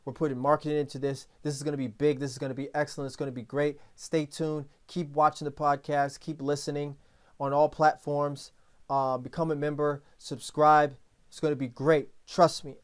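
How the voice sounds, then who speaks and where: Rambling, animated podcast host man. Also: a little high, normal speed, clear, resonant tone. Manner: rambling, animated storytelling with restarts. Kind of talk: casual podcast talk.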